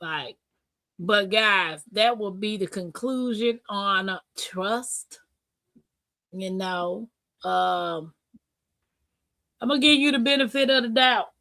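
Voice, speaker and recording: A woman hosting a live-stream talk show, chatting casually, reading comments aloud and telling stories with animated bursts and laughter. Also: mid-range voice, slow pace, pauses often, dry recording. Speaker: livestream host.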